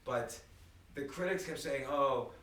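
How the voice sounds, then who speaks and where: Animated man, distant and echoey. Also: mid-range voice, brisk. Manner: animated storyteller, many restarts. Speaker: guest. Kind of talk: casual conversation. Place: apartment room. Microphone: phone recording from across the room. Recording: echoey room, distant phone mic, faint ambience.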